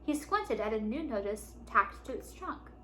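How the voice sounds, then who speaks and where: A woman reading a children's chapter book aloud for a library book club, lively and expressive. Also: fairly high pitch, moderate pace. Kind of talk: storybook read-aloud.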